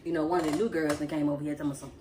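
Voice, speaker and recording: A woman's voice: low voice, fairly even intonation, racing, background noise. A woman acting out a comic skit as a nursing assistant, with a drawling casual manner. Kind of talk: comedic skit.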